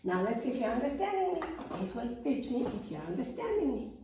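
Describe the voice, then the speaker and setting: A woman music teacher guides little children through rhythm with a slow, sing-song delivery. Her high voice swoops lively up and down. The sound is very echoey and comes from a mic placed away from her. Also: noisy background. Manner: slow, sing-song, encouraging call-and-response. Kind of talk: lesson for young children. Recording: echoey room, mic far off.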